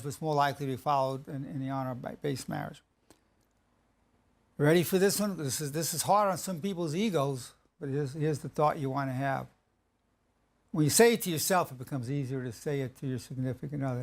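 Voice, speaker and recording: A man lectures on marriage in a gravelly, slightly high voice. He hammers his key phrases with slow repetition and often restarts his sentences partway through. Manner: emphatic, repeats key phrases slowly; halting restarts mid-sentence.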